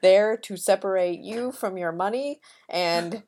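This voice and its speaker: A woman co-hosting a comedy podcast, a barista who chats casually with self-deprecating, deadpan asides. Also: medium pitch, unhurried.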